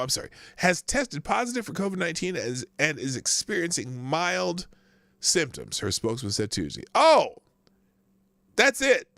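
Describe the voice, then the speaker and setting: A man hosting a casual live news stream, mocking the headlines with sarcastic asides, laughing often and jumping from loud outbursts to low mutters. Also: dry recording.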